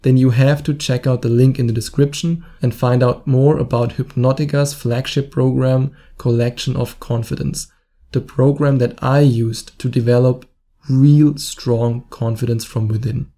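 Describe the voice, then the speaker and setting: A man's voice: mid-range voice, warm tone. A man with a German accent hosting a dating-advice podcast, giving blunt tips with self-mocking jokes. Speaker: dating coach podcast host. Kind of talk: casual advice monologue.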